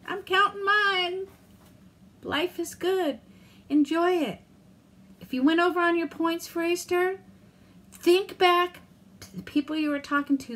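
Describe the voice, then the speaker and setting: A middle-aged woman vlogging in a casual, candid and rambling way, self-deprecating, with mild cursing and lively swings in tone. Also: high voice. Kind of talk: casual chat to camera.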